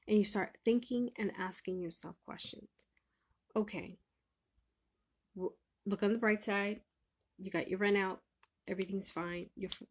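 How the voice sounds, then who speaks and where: A woman, a life coach talking casually to camera, swinging between loud venting and a hushed, breathy calm. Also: medium pitch. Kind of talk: casual vlog monologue.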